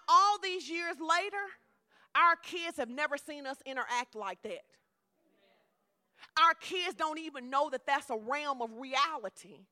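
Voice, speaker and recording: A middle-aged woman preacher giving a lively, conversational sermon with humor. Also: on the high side.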